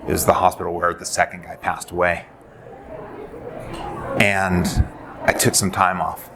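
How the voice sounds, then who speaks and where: Man, forties, nurse speaking to a crowd; deep low voice, earnest storyteller who acts out dialogue, audible room noise. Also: little pitch movement, a little slow. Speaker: nurse and suicide prevention speaker. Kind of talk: personal story in a presentation. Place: presentation venue. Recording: noisy live presentation audio.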